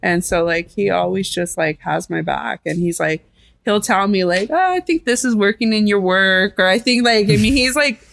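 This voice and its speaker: A woman's voice: mid-range voice, moderate pace, vocal fry, a bit bright. A woman guest in a casual interview, talking in a chatty way with lots of "like" and acting out what other people said. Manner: chatty, fills with "like", quotes others in voices. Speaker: artist guest.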